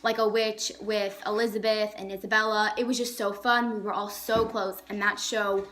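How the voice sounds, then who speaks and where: A woman's voice: mid-range voice, little pitch movement, normal speed, fairly bright tone, slight background noise. A young woman chatting casually on a vlog, enthusiastic and full of "like" fillers. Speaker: vlogger. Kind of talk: casual chat.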